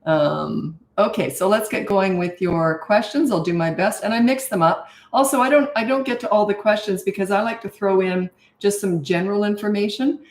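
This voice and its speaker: Older woman, parenting coach, casual live-stream chat, middle pitch, roomy echo. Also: normal speed, few pauses. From Canada and Australia. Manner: chatty, reads out viewers' hometowns, laughs often.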